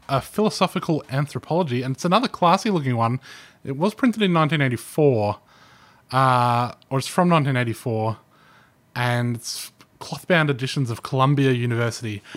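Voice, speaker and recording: A man's voice: medium pitch, sing-song, brisk, a bit bright. A man, co-hosting a podcast, reading book titles aloud with dry asides. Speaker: podcast co-host. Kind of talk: casual chat.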